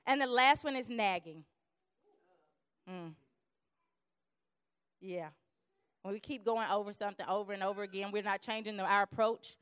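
A woman giving a lively church teaching on conflict, acting out quarrels in quick voices. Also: medium pitch, smooth, no echo.

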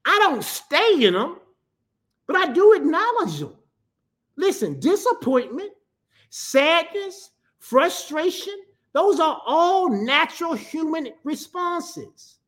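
A woman's voice: extremely high pitch, big pitch swings, slow. A middle-aged woman pastor preaching a sermon and calling for responses from the congregation.

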